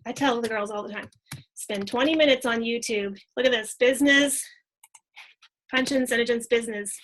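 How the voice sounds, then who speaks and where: A high-pitched woman talks eagerly to her team, chatty and full of fillers. Her voice is bright and forceful. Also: normal speed, poor audio. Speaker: team leader. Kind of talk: casual team training talk.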